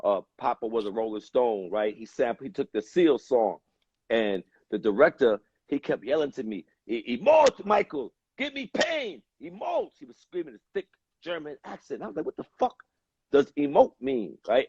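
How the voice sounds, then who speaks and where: A man talks in a husky, slightly breathy voice and tells his story at an easy, meandering pace, often stopping on fillers. The sound is dull and a little lo-fi, dry and close with no room around it. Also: mid-range voice, lively intonation, fairly quick, a little mellow, no echo. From United States. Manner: laid-back, rambling with many fillers. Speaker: guest. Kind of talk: casual storytelling.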